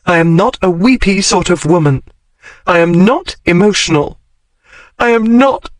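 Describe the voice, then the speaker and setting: A man's voice: high-pitched, expressive, moderate pace, dry recording, pitched above the performer's own voice. A man voicing an indignant young Englishwoman who speaks primly and over-formally.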